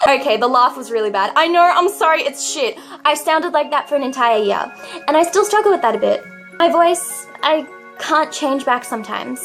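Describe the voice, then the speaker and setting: Casting note: young Australian woman vlogger, naturally high and light voice, chatty and self-deprecating, faint music underneath. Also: fairly bright tone. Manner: chatty, self-mocking, swears casually. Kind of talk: casual storytelling to camera.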